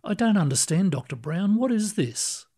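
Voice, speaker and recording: A man reading aloud, voicing a timid, gentle older woman who is newly dead, with a soft, hesitant manner. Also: high voice, sing-song, moderate pace, slightly rough, voice pushed up, full character voice. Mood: bewildered.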